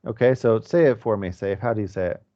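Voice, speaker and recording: A man's voice: on the low side, quick pace, mellow, muffled recording. A male English teacher explaining pronunciation to his class in a conversational way, with fillers.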